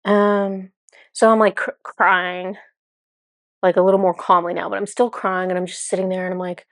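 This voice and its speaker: A woman's voice: fairly low pitch, flat delivery, dry recording, clean studio sound. Earnest young woman telling a spiritual story. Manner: earnest, fast, with frequent "like" fillers. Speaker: spiritual channeler. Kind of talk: casual storytelling of a channeling session.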